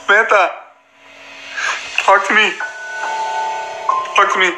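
A young man with a high voice, frantic and overwrought in a staged emotional phone-call video. He sounds tearful and pleading, and he keeps turning to his viewers, with music playing clearly underneath. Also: flat delivery, takes it slowly. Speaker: prank video creator.

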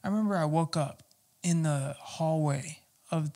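A man telling his personal testimony as an interview guest, talking haltingly with many fillers and restarts. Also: fairly high pitch, warm tone.

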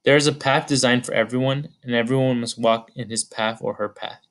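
A man reading the part of a sorrowful ancient female weeping spirit, gentle, solemn and pleading. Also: mid-range voice, fairly even intonation, brisk, natural voice.

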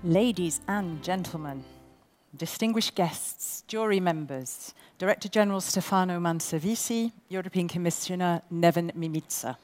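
A woman hosts a live award ceremony, brisk, bossy and quick with a joke. Her voice sits on the low side for a woman. Her words ring out with a long reverb through a large event hall. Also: a little mellow. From England. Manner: bossy, brisk and jokey with the audience. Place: large indoor event venue.

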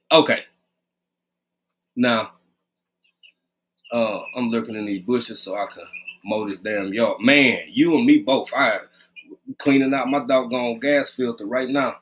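A man's voice: medium pitch, very animated, takes it slowly, pauses often, a bit bright. A man hosting a casual live stream, greeting viewers by name in a loose, conversational way, talking close to his webcam at home. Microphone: webcam, leaning close.

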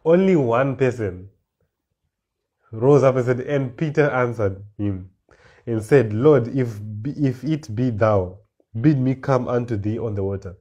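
Delivering a sermon, this preacher reads verses at a slow pace, then expounds on them with mounting emphasis and repetition. He has a mid-range voice with a dark tone.

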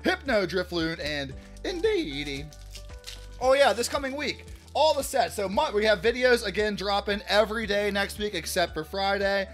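A man hosting a casual card-opening vlog, chatty and upbeat, shouting out big pulls and often restarting his sentences. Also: high-pitched, animated, normal speed, faint music behind. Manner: chatty, hypes big pulls loudly, self-correcting restarts. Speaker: card-opening channel host.

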